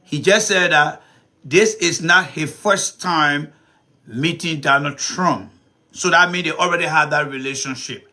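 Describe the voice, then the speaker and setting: A man hosting a live commentary stream, animated and repetitive, talking straight to his viewers. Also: fairly high pitch, unhurried. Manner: animated, repeats himself, talks to viewers as folks. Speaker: commentary show host.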